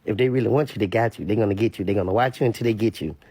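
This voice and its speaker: A man's voice: fairly low pitch, very fast, warm tone, slightly rough, no room sound. A man with a Louisiana accent giving blunt, emphatic, repetitive commentary in a casual rant. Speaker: online commentator.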